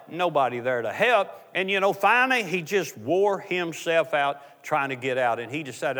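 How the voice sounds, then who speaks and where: High-voiced male preacher in an echoing hall. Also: expressive, brisk, hardly any pauses, fairly bright tone. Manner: storytelling preacher, call-and-response. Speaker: guest preacher. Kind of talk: sermon.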